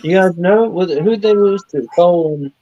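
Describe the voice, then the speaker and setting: A man's voice: high voice, moderate pace, warm tone. A man co-hosting a wrestling watch-along podcast, chatting bluntly and swearing casually as he reacts. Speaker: podcast co-host. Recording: slightly dull lo-fi stream audio.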